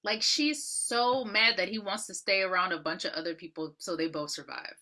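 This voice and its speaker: Bright-voiced woman recapping a movie. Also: lowish voice, normal speed. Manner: profane, animated storytelling, acting out characters' lines. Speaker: podcast co-host. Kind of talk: casual movie recap chat.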